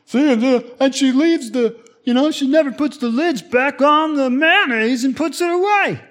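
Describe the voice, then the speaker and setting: A man voicing a grumbling adult who complains with exasperation about home life, in a pitched-up voice. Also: normal speed. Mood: griping. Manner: exasperated griping.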